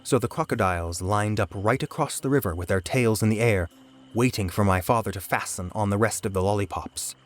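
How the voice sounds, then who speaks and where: Brief: calm, measured male storyteller for a children's audiobook, gentle music under. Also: lowish voice. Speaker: audiobook narrator. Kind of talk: storybook read-aloud narration. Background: soft background music.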